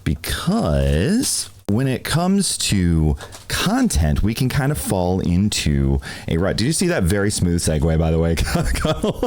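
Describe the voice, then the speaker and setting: Sex: man. Role: stream team host. Style: live-stream masterclass. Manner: rambling, lots of fillers, quick to laugh. Pitch: very low but swinging widely. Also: huge pitch swings, darkish tone.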